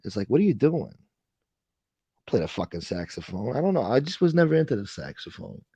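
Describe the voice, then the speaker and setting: A man's voice: lowish voice, very animated, fast talker, dark tone, breathy edge, no room sound. A man hosting a casual late-night livestream chat, rambling and swearing as he reads and answers viewer comments. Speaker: livestream host.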